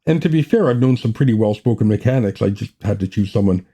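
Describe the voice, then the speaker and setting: A man hosting a writing podcast, giving a scripted lesson in a measured, matter-of-fact way. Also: lowish voice, lively intonation, warm tone, breathy edge. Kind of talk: scripted teaching talk.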